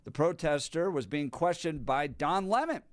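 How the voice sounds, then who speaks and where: A male talk radio host with a slightly high voice and an animated, up-and-down delivery. He reads news with sarcastic commentary, recorded dry in the studio. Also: moderate pace, no echo. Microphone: studio microphone.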